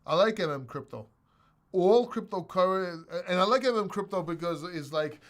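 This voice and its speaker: A man's voice: high-pitched, animated, normal speed. Blunt, rambling crypto host, man. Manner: rambling, blunt, swears, restarts often. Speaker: crypto channel host answering questions. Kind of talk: casual livestream Q&A.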